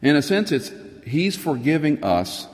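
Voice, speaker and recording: A man's voice: sing-song, a little slow. Earnest male preacher in a reverberant hall. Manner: earnest, rises in pitch for emphasis, drops to a near whisper at times. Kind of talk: sermon.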